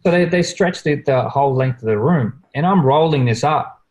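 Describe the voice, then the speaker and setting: A man telling a story in casual chat, rambling and filling pauses with "you know" and "like", growing animated as he recounts it. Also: poor audio. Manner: animated when recounting, pitch jumps up.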